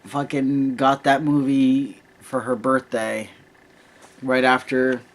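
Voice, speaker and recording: A man's voice: mid-range voice, monotone, slow pace. A man in his thirties chatting casually at home, laid-back, swearing freely and telling rambling stories. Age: 30s. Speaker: co-host. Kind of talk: casual chat.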